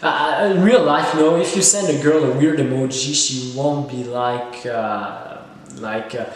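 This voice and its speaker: A man's voice: a little high, normal speed. A man giving a casual, rambling, sarcastic film review with many fillers and hesitations. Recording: echoey room with long reverb.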